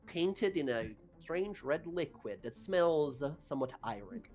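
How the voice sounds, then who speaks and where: A woman's voice: sits low, unhurried, soft background music. A woman narrating a tabletop game as game master, in a casual, chatty way full of fillers. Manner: casual, many fillers, lively.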